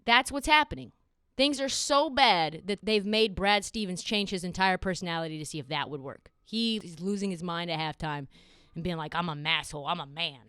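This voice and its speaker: Lively woman sports podcaster. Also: fairly low pitch, clean tone, no echo, clean studio sound. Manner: animated, sarcastic, quick asides. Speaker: podcast host. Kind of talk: casual sports commentary.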